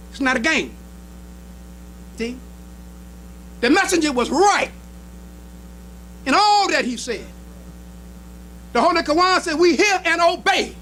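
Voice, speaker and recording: A minister preaching a sermon in an emphatic style, with short repeated phrases and speech. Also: male voice, extremely high pitch, bright, forceful tone, a little hiss or hum, low-quality recording. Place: temple hall.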